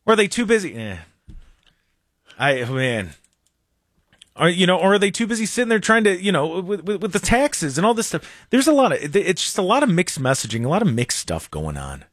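Man, talk radio host, sarcastic, lively swooping delivery, slightly high voice, dry studio sound. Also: fairly quick, no room sound. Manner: animated, sarcastic, mocks others in silly voices. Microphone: studio microphone.

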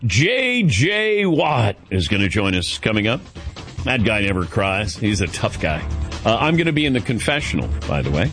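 A man's voice: on the low side, big pitch swings, moderate pace, a bit bright, faint music behind. A man hosting a sports call-in radio show, chatting easily and rambling through stories. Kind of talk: casual call-in chat.

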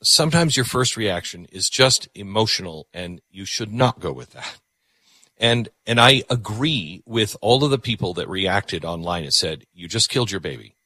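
A man's voice: lowish voice, animated, normal speed, pushed and bright, dry recording, studio quality. A man hosting a call-in radio show, talking earnestly and reflectively, often repeating words as he thinks aloud. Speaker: radio talk show host.

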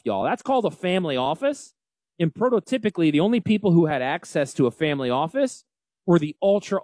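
A man in his forties with a Northern US accent, hosting a radio talk show on financial planning. He talks loudly and energetically, joking and yelling into a close mic. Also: fairly high pitch, no echo. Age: 40s. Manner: loud, yelling. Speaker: financial advisor radio host. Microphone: close studio mic.

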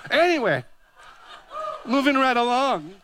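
A male pastor in his fifties from Hawaii, preaching a sermon full of personal stories told with animated, self-deprecating humor. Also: extremely high pitch, measured pace, slight background noise. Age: 50s.

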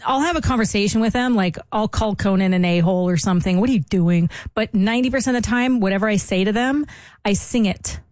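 A woman's voice: medium pitch, quick pace, a little mellow, no echo, clean studio sound. Teasing female radio co-host. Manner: teasing, playful. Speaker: radio morning show co-host. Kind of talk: casual morning radio banter. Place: radio studio. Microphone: studio microphone.

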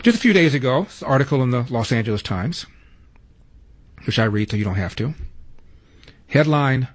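A man's voice: mid-range voice, animated, moderate pace, pauses often. Sardonic male talk radio host. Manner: wry, sardonic asides.

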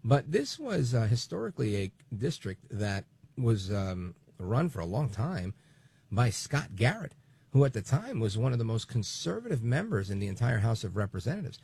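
Fill-in talk radio host, man, late forties, gravelly husky voice, animated pitch, dry studio sound. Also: normal speed, dry recording. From New Jersey, USA. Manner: chatty and digressive, lively emphasis. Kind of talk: political talk radio monologue.

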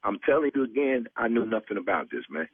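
A man's voice: fairly low pitch, big pitch swings, fast talker, husky, no echo. A man arguing defensively on a phone call, stumbling over his words and repeating "man" and "dude". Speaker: prank call target on the phone. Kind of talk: heated phone argument. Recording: tinny phone line on radio.

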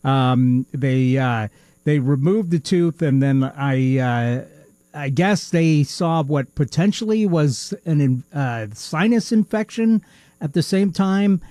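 A man's voice: on the high side, lively intonation, takes it slowly, mellow, no room sound. A man co-hosting a podcast in casual chat, rambling and hesitant with lots of fillers and chuckles, with a slight lisp. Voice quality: slight lisp from a missing tooth. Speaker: podcast co-host.

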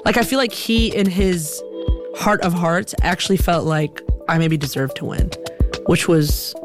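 A woman telling a personal story in an animated, reflective way, with many "like" fillers. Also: on the low side. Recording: music playing behind.

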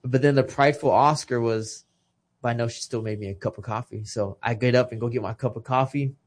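A man's voice: medium pitch, fairly even intonation, a little fast. A man in his thirties, a retired boxer from Texas, telling an emotional personal story in a casual interview, earnest and full of restarts.

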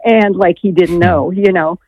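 A woman's voice: on the low side, steady tone, unhurried, no echo. A woman calling in to a radio show, telling a long story hesitantly with many fillers over the telephone. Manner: rambling, hesitant, full of fillers. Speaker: radio caller. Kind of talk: call-in storytelling. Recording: tinny phone line, dry.

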